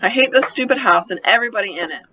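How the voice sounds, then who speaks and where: A man voicing a furious young girl who yells in a high, strained voice, heard on a slightly muffled recording. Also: expressive, fast talker, noisy background.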